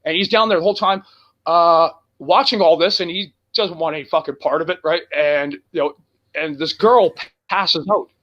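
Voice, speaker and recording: A man telling a profane, animated road story as a guest on a casual talk show. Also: on the high side, moderate pace, dull audio. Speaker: guest musician.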